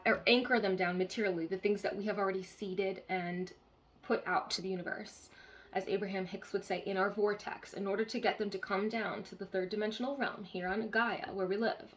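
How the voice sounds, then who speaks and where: A spiritual healer, a woman with a medium-pitched voice, gives a channeled card reading on a live stream. She earnestly repeats key phrases and checks in with her listeners.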